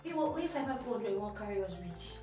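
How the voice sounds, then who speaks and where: A young woman with a Nigerian accent telling a storytime vlog in a lively, animated way, dropping Pidgin phrases. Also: medium pitch, moderate pace. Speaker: vlogger. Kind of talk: casual storytime. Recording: echoey room, voice from a distance, faint music.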